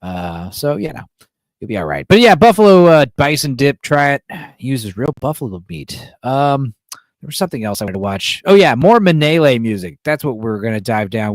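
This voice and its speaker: A man's voice: medium pitch, normal speed, no room sound, studio quality. An American man hosting a casual livestream chat, rambling and swearing freely as he answers viewers. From United States. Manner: profane, rambling, animated; reads and answers chat messages. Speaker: podcast host.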